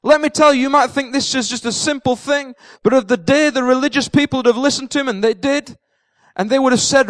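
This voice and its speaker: A man's voice: very high-pitched, brisk, fairly bright tone, no echo. A man preaching a sermon, retelling a story with energy, acting out the characters' words and repeating key phrases for emphasis. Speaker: pastor.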